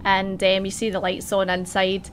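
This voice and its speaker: A woman's voice: mid-range voice, monotone, moderate pace, slight background noise. A woman narrating a tabletop game as game master, chatty and giggly.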